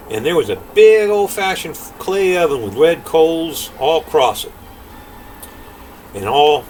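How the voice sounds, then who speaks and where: An older grandfather reading a folk tale aloud in an unhurried, folksy way. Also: medium pitch, a little hiss or hum, poor audio. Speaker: storyteller.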